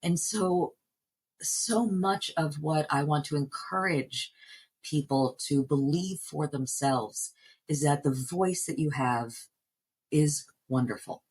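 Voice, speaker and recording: American lady from jersey explaining voice stuff, thoughtful and earnest, kinda husky. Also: sits low, slow, darkish tone, low-quality recording. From New Jersey, United States. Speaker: voice coach and actor. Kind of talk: podcast interview answer.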